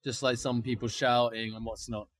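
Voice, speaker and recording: A man, co-hosting a podcast and animatedly telling a story outdoors, swearing freely and acting out shouted lines. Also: mid-range voice, moderate pace, no room sound. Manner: animated, swears a lot, acts out shouted quotes. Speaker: podcast co-host. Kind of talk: casual storytelling. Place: outdoors on location.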